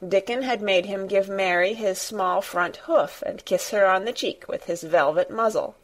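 A woman reads a classic children's story aloud with measured, expressive narration. Her voice sits in a middle range for a woman. It is a steady audiobook delivery. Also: mid-range voice. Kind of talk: scripted narration.

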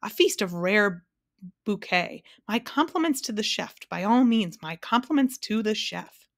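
A woman's voice: mid-range voice, expressive, a little slow, no room sound, studio quality. A woman voicing a pompous, fussy male humbug insect in a storybook read-aloud, speaking in a grand, wordy way.

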